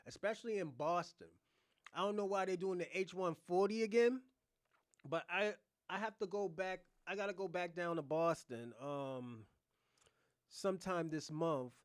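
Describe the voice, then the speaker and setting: A man's voice: fairly high pitch, dry recording, clean studio sound. A man hosting a reaction livestream, ranting in a blunt, profane, rambling way. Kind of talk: casual livestream commentary.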